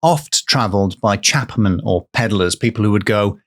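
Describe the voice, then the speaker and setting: A man co-hosting a podcast, telling a folklore tale in a conversational way with wry, deadpan jokes. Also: on the low side, normal speed. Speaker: podcast co-host and storyteller.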